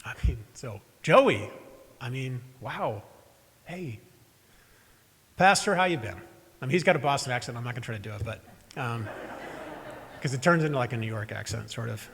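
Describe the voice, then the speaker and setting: Man, pastor, conversational sermon, husky voice, long church reverb. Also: medium pitch, lively intonation, brisk, fairly bright tone. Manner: conversational, self-deprecating, with asides to the congregation. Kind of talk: storytelling sermon. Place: church sanctuary during a live service. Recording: echoey church hall.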